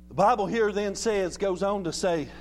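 High-voiced preacher, shouting. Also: male voice, normal speed. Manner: shouting, exuberant, swinging between loud and soft. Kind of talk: Pentecostal-style sermon. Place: church.

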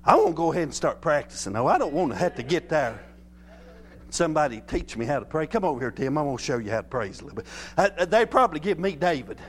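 A man preaching an exuberant church sermon, swinging between loud shouts and quiet, soft passages. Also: a little high, very animated, fast talker, husky. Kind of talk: Pentecostal-style sermon.

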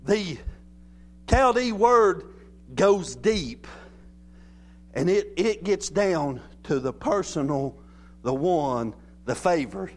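Male preacher, high-pitched and animated, loud-soft sermon delivery in church. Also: slow, long pauses. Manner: shouting, exuberant, swinging between loud and soft. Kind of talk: Pentecostal-style sermon.

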